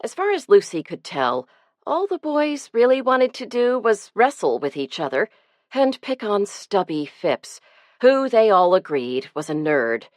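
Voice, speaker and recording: Slow, expressive woman audiobook narrator. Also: medium pitch, no echo, clean studio sound. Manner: measured, expressive storytelling.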